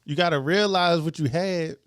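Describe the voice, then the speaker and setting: A man co-hosting a podcast in casual chat, animated and playful, often breaking into laughter as he tells stories. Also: on the high side, normal speed, clean tone, no echo.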